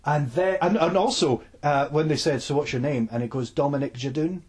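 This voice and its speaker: Un uomo con scozzese, co-conduttore di un podcast, racconta con foga in una chiacchierata informale, pieno di parolacce e frasi ripetute, registrato al telefono. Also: male voice, fairly high pitch, brisk, slightly rough. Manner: animated storytelling, sweary, many restarts. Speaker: podcast co-host. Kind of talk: casual chat. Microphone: phone line.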